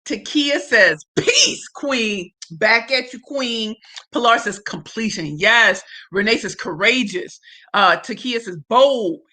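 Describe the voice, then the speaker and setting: A woman hosting a casual livestream, talking in an effusive, slangy way. Her voice is bright, a little higher than most women's, and has a forceful edge. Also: animated, slow. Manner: effusive, greets viewers by name and reads comments aloud; slangy and emphatic. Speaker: livestream host.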